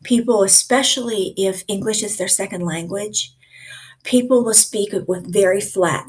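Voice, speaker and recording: A woman leading a live online communication coaching session in a lively, conversational way, often acting out examples for her listeners. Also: mid-range voice, slightly rough. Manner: lively, conversational teacher who acts out examples.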